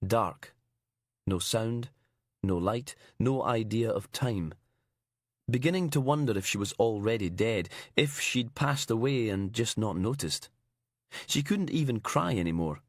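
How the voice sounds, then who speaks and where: A man narrating a crime thriller audiobook in a measured, grim storytelling manner. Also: on the low side, animated, no echo, clean studio sound. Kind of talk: scripted narration.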